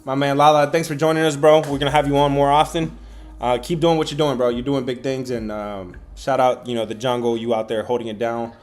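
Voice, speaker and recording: A man hosts a sports betting livestream. He talks in a loose, slangy way with lots of fillers and lively bursts of energy, reading chat and calling out his picks. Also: medium pitch. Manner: animated, slangy, many fillers. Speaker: livestream host and sports handicapper.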